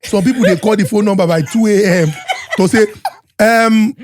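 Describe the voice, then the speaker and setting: High-voiced Nigerian man hyping a podcast. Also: normal speed, a little hiss or hum. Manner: energetic, Pidgin-mixed hype man with shouted announcements. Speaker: podcast host. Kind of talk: hyped podcast intro and sponsor reads. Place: podcast studio.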